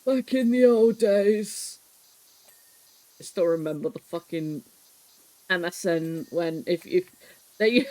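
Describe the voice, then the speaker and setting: On a poor-quality recording, a live streamer in their thirties with a mid-range voice chats casually with viewers while cleaning on stream. They reminisce through animated stories, swearing freely and laughing a lot.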